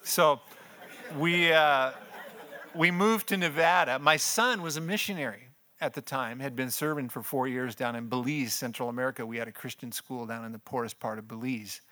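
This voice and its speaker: Brief: older male pastor with a bright voice, telling his story in a chatty, laughing way. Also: normal speed. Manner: conversational storytelling, laughs often, voice drops low in heavy moments. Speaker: pastor and missions speaker. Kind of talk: personal testimony talk.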